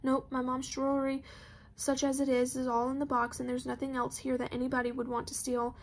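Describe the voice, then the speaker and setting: A woman voicing a withdrawn teenage boy who speaks in a flat, distant way. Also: high voice, a little fast, a little hiss or hum.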